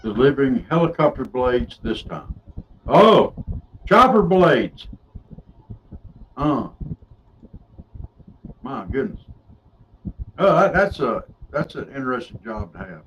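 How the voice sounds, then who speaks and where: A man's voice: mid-range voice, big pitch swings, slow, pauses often, fairly bright tone, distant mic. A man co-hosting a podcast in folksy, joking casual chat. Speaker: podcast co-host. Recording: dull lo-fi sound with faint noise.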